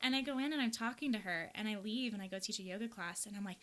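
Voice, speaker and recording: A woman's voice: mid-range voice, fast talker. A young woman from the American Midwest, a yoga teacher hosting a podcast, telling a personal story in a candid, earnest, reflective way.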